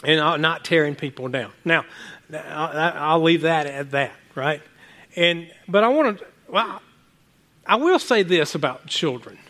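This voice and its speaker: High-voiced pastor telling animated stories. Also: male voice, measured pace. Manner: animated storyteller, many restarts and asides to the congregation. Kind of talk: sermon with personal stories.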